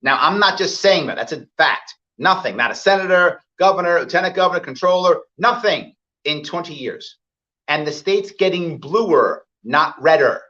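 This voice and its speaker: A man delivers a campaign speech, pounding home each point and repeating it for effect. His pitch swings widely, rising high for emphasis and dropping low. The recording is dull and lo-fi. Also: animated, normal speed, sharp tone. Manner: emphatic, repeats points, acts out quoted voices. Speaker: political candidate. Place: event hall with live audience.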